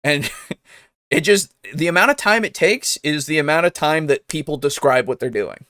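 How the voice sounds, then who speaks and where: A man's voice: fairly high pitch, normal speed, bright, forceful tone, no room sound, studio quality. A young man co-hosting a casual tabletop gaming podcast, chatty and enthusiastic, laughing often and talking through fillers. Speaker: podcast co-host. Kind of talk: casual chat.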